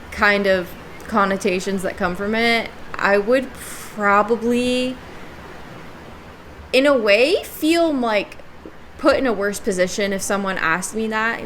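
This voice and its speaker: A woman's voice: medium pitch, a bit bright, slight background noise. A woman co-hosting a podcast in casual chat, thoughtful and laughing often, with many "like"s. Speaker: podcast co-host.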